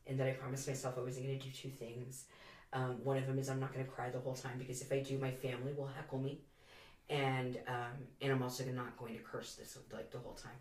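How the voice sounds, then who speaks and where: A woman guest in a casual podcast chat, an animated storyteller who swears freely. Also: a bass voice, fast, reverberant, recorded from a distance.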